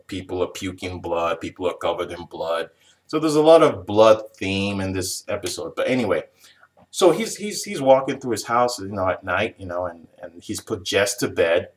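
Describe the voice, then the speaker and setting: Rambling man recapping a TV episode. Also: lowish voice. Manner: rambling, chuckling, restarts his sentences often. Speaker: TV show reviewer.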